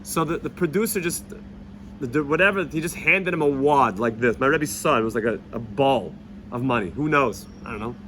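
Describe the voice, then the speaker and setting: A man's voice: mid-range voice, moderate pace, a bit bright, a little hiss or hum. A man, a rabbi, telling stories in an earnest Torah talk, repeating himself and sprinkling in Yiddish and Hebrew words. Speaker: rabbi teaching a weekly Torah lesson. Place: Jerusalem.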